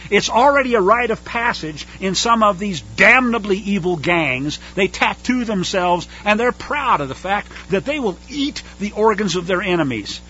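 Fiery, sarcastic high-voiced preacher. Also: male voice, expressive, moderate pace, few pauses, sharp tone, lo-fi sound, a little hiss or hum. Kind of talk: sermon.

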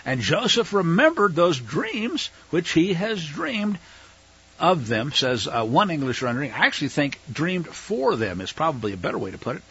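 A man's voice: fairly high pitch, sing-song, normal speed, fairly bright tone, breathy edge, dry recording, highs cut off. A man teaching a Bible passage verse by verse in a casual, conversational way with asides. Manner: conversational, explaining, with fillers and asides.

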